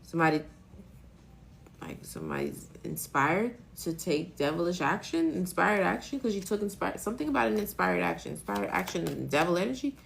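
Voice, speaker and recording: A woman with a low, gravelly voice reads tarot cards on a live stream, speaking straight into her phone. She talks in an emotional, rambling way and swears casually as she works through the spread. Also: sing-song, a little fast, a little hiss or hum. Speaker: tarot reader.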